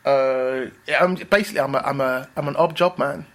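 A man, a rapper and writer, telling stories in a relaxed interview, animated and bouncy, acting out other people's voices. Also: medium pitch, fairly quick. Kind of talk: casual interview storytelling.

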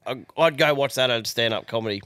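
A man's voice: medium pitch, fast talker, fairly bright tone, clear, resonant tone, no room sound, studio quality. A man co-hosting a podcast, chatting in a blunt, joking way. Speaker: podcast co-host. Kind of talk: casual chat.

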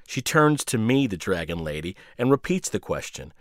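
A male radio host reading his own short story in a sardonic, deadpan way. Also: lowish voice, moderate pace, no echo, studio quality.

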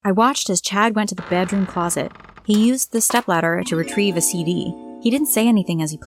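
A woman's voice: medium pitch, fairly quick, soft background music. A woman reading a scripted first-person story aloud, voicing all the characters herself.

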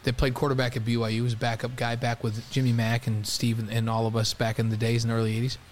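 A man in his sixties co-hosting a casual sports chat, telling lively stories and breaking into song, heard through a headset mic. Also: medium pitch, fast talker, faint music behind. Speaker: co-host.

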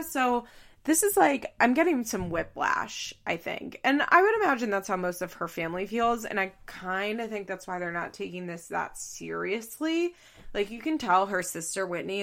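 A woman's voice: medium pitch, a bit bright. A woman chatting casually as she recaps a reality show. She swears freely, laughs often and says "like" a lot.

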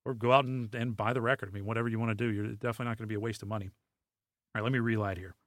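A man's voice: on the low side, racing, dry recording, studio quality. A man hosting a podcast, talking casually with many fillers and restarts. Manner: relaxed, rambling, frequent fillers and restarts. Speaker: podcast host. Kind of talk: casual solo podcast talk.

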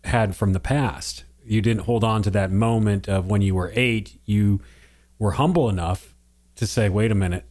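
A man's voice: fairly low pitch, a little slow, a little mellow. A man co-hosting a casual conversation, reflective and teacherly with some joking.

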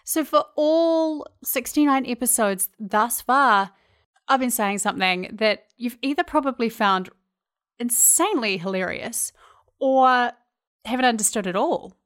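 A woman's voice: a little high, expressive, measured pace, fairly bright tone. A woman from New Zealand with a Kiwi accent, hosting her own podcast in a chatty, self-deprecating monologue. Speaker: podcast host. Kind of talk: casual solo podcast monologue.

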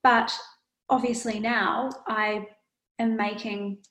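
A woman fashion designer recounts her start with animated energy, speaking in a fairly high voice. The recording has a noticeable echoey room sound. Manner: animated storytelling, quick bursts. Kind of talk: casual interview.

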